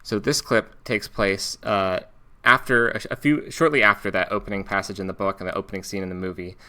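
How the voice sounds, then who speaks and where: A man's voice: lowish voice, steady tone, brisk, pushed and bright. A man from Alaska with an American accent, talking casually through a book review with frequent restarts and fillers. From Alaska, United States. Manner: thoughtful, restarts and fillers, reads passages aloud.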